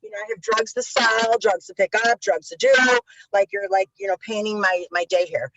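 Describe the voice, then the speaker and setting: Animated woman telling wild stories. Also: mid-range voice, brisk, creaky, noisy background. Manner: animated, acts out quotes with swearing. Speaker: interview guest, author. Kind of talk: casual storytelling. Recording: dull lo-fi sound.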